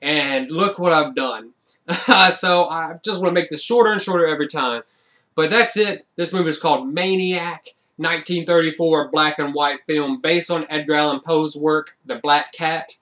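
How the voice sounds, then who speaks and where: A man's voice: fairly high pitch, moderate pace, sharp tone. A man giving a casual, rambling film review, with lots of fillers and restarts and frequent amused laughs.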